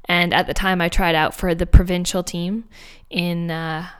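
A woman hosting a podcast, telling a personal story in an animated, emphatic way with fillers and laughs, recorded at a home office mic. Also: fairly low pitch, normal speed, smooth. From Canada. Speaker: podcast host. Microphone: home office microphone.

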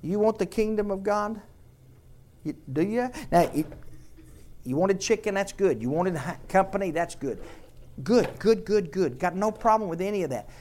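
A woman's voice: fairly low pitch, lively intonation, normal speed, warm tone, slight background noise. A woman preaching a sermon to her congregation, emphatic and repeating phrases for effect.

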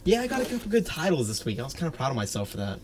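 A man's voice: fairly high pitch, wildly swooping pitch, rapid-fire, a little mellow, slight background noise. A man co-hosting a podcast in casual chat, joking wryly and laughing easily. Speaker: podcast co-host.

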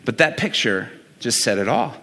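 Middle-aged man, pastor, animated sermon storytelling, bright voice, echoey church hall. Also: mid-range voice, moderate pace, gravelly, husky. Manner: animated, acts out dialogue, chuckles often.

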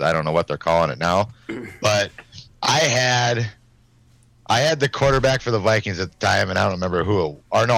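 Lower-voiced man with a bright tone. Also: vocal fry, no echo. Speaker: podcast co-host. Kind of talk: casual podcast chat.

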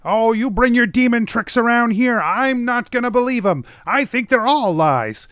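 A man's voice: extremely high pitch, animated, normal speed, fairly bright tone, no room sound, studio quality, voice pushed up. A man voicing a suspicious backwoods hermit who snaps at strangers in folksy grammar. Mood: accusing. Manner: gruff, distrustful, folksy grammar. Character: suspicious rustic hermit man who calls everyone demon.

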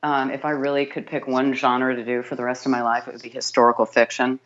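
A woman's voice: extremely low pitch, level tone, fast talker, muffled recording. A woman audiobook narrator with a scratchy, sardonic voice, chatting animatedly as an interview guest and often restarting her sentences. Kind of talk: casual interview chat.

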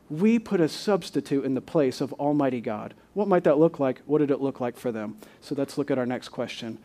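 A man's voice: medium pitch, lively intonation, a little fast, hardly any pauses, warm tone. A male pastor preaching a sermon, building to emphatic rhetorical questions and reading scripture aloud.

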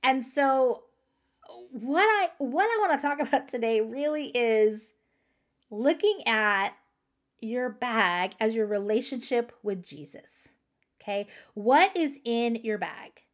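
A woman's voice: fairly high pitch, expressive, takes it slowly. A woman hosting a faith-based podcast for moms, talking earnestly and directly to her listeners. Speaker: podcast host.

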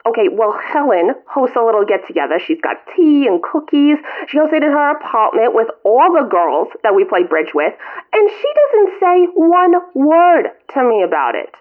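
A woman's voice: fairly high pitch, very animated, moderate pace, voice pushed up. A woman voicing a guilt-tripping elderly mother calling her son, melodramatic and self-pitying, over a tinny phone line. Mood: bitter.

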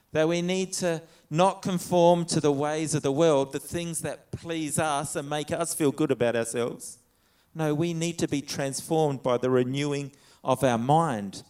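A man's voice: a little high, darkish tone, smooth. A man preaching a conversational sermon, reading scripture aloud and retelling it in his own words. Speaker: pastor.

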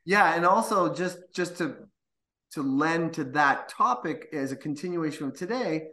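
Bright, earnest man in an echoey room. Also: on the high side, expressive, measured pace. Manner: earnest, searching for words. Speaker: co-host. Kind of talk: reflective spiritual conversation. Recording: roomy echo.

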